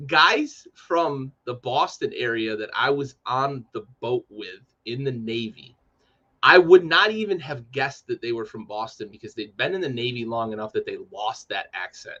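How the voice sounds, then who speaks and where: A man talks in a loose, casual sports chat, laughing often and swearing freely as he spins a story. His voice sits at an ordinary pitch. The audio is a little dull and lo-fi. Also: animated, normal speed, sharp tone. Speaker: podcast co-host.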